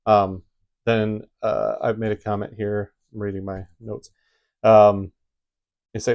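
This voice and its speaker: Speaking slowly with long pauses, this man offers rambling at-home advice on YouTube, full of fillers and false starts, in a Midwestern accent. His low voice is gravelly with little pitch movement, and the sound is lo-fi.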